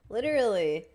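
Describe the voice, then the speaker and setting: A woman's voice: medium pitch, warm tone, a little hiss or hum. Rambling, swearing woman streamer. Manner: rambling, swearing, laughs often. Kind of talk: casual livestream chat.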